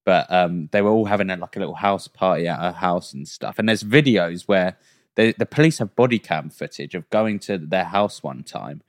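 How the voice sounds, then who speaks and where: A young man co-hosting a podcast, telling stories in a rambling, halting way. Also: low-pitched, dry recording, studio quality. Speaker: podcast co-host. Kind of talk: casual chat.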